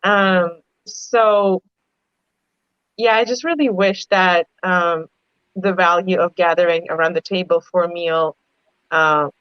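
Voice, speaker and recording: A woman's voice: lowish voice, steady tone, takes it slowly, clear, resonant tone, dry recording, highs cut off. A woman talking animatedly in a casual group discussion, telling stories with lots of rises in her voice. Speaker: podcast panelist.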